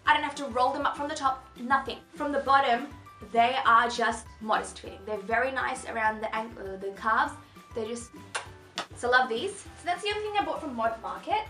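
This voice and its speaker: Young woman, fashion haul vlog, bubbly, gushing, chatty, high voice, roomy echo. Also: moderate pace, sharp tone. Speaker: fashion vlogger. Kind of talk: casual haul chat. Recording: echoey room with faint music.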